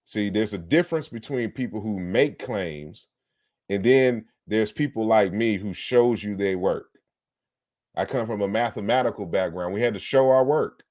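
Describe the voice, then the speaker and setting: A man's voice: fairly low pitch, moderate pace, a little mellow, no echo, clean studio sound. A man giving an online lecture on word comparisons, explaining patiently and turning combative toward critics. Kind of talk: online lecture on historical linguistics.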